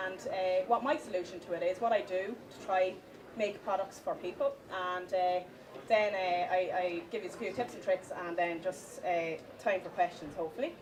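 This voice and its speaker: A woman giving a live conference talk, with many fillers and restarts, stressing the points of a list slowly. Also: mid-range voice, steady tone, crowd noise. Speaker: conference speaker. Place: conference hall with audience. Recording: distant mic, audience in hall.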